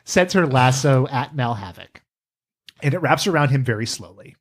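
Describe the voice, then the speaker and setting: A man co-hosting a casual podcast, recapping a cartoon with animated, laughing, profane asides. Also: mid-range voice, normal speed. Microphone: studio podcast mic.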